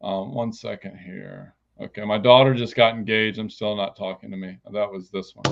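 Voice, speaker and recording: A man's voice: lowish voice, steady tone, moderate pace, vocal fry, noisy background. A man giving a live online tarot reading, talking bluntly and casually and swearing often. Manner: blunt, casual and heavily profane. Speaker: psychic card reader. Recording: dull lo-fi stream audio.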